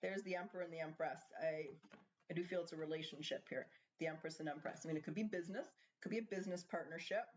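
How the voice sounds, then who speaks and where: A woman's voice: low-pitched, quick pace, slight background noise. Chatty woman doing a tarot reading. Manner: chatty, thinks aloud, asks the cards questions. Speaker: tarot reader. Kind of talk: casual tarot card reading. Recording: slightly dull lo-fi sound.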